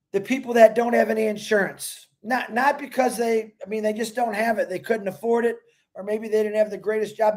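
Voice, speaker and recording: A man's voice: high-pitched, a little mellow. A man hosting a livestream, talking in an earnest, rambling way and thanking viewers by name; he is emotional. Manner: earnest, religious. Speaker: livestream host.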